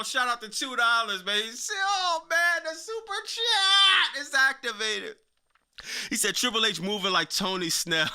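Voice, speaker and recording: A man's voice: a little high, bright, forceful tone, smooth. A young man hosting a casual live stream, talking in slang and reacting to his chat. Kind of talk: casual wrestling commentary livestream.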